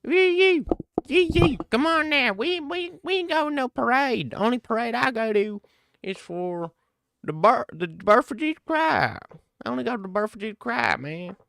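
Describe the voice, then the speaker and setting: A man's voice: very high-pitched, animated, moderate pace, creaky, a bit bright, dry recording, clean studio sound, pitched above the performer's own voice, heavily acted. Man doing a brash Southern good ol' boy. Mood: shrill. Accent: Southern US (put on). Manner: drawling, taunting, repeats "buddy" and "boy". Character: brash rural Southern American man, cocky and loud.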